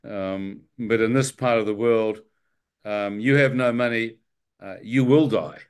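A man's voice: lowish voice, measured pace, clear, resonant tone. A man telling his near-death story, acting out the dialogue and laughing often, with a New Zealand accent. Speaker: guest telling his testimony. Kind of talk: spoken testimony storytelling.

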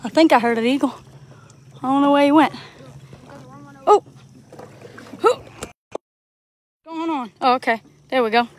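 Young Southern woman, high voice, chatty outdoor vlog host, phone mic, faint boat noise. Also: a little slow, pauses often. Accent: Southern US, Louisiana. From Louisiana. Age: young adult. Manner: chatty, greets viewers, talks while working. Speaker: vlogger, crawfisher. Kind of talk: live-streamed outdoor vlog. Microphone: phone held while working.

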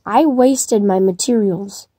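A woman giving casual commentary to herself while playing a game, excitable and chatty. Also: mid-range voice, slow, slightly rough, no echo, clean studio sound. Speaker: gamer streaming gameplay. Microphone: device mic while playing on a tablet.

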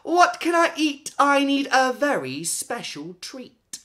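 A woman voicing a greedy, excitable young girl who is always hungry, gushing and wailing in a high, loud voice. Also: slow. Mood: greedy excited.

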